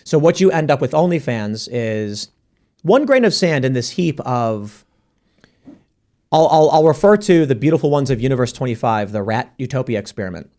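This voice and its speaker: A man hosting a podcast, talking in a casual, argumentative panel debate. His voice sits at a middle pitch and comes in quick bursts as he presses his points. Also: animated, mellow. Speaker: podcast host.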